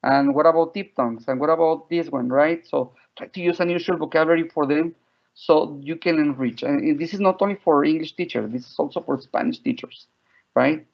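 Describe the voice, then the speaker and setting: Gravelly man lecturing over dull lo-fi audio. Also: on the high side, fairly quick. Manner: chatty, checks in with "right?" often. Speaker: teacher trainer. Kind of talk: online workshop lecture.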